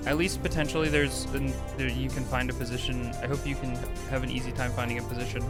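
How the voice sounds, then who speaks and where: A young man chatting casually with his viewers while he livestreams a game, greeting people by name and talking in an animated way. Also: medium pitch, quick pace. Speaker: streamer. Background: game music.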